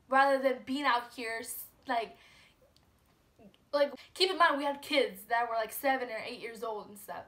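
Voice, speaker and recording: A woman's voice: sits high, moderate pace, sharp tone. A young woman vlogger telling a personal story in a casual, filler-heavy way, full of "like" and "you know". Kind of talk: storytime vlog.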